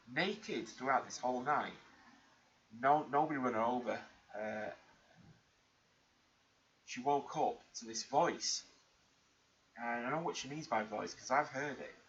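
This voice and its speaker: A man's voice: medium pitch, a bit bright. A man vlogging, telling an emotional personal story in an earnest, rambling way with many restarts. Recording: muffled lo-fi recording with faint background hiss.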